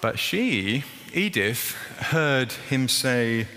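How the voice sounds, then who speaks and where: A man preaching a lively sermon, acting out a story in a playful, animated way. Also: medium pitch, a little fast. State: out of breath. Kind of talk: lively sermon with acted demonstration. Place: church hall. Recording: echoey hall with faint noise.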